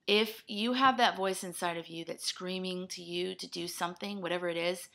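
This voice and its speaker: A woman's voice: lowish voice, a bit bright. A young woman rambling through a personal video blog, self-deprecating and scattered, talking in sudden bursts. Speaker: vlogger.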